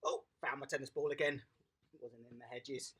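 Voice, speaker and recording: A toddler tennis coach leading a lively online lesson for small children, upbeat and encouraging, praising each child by name. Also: medium pitch, a little fast, slightly rough.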